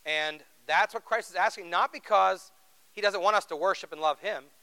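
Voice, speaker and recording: A man's voice: high voice, moderate pace, pushed and bright, smooth, rough recording. A man preaching a sermon in an earnest, conversational way, asking the congregation rhetorical questions. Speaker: pastor.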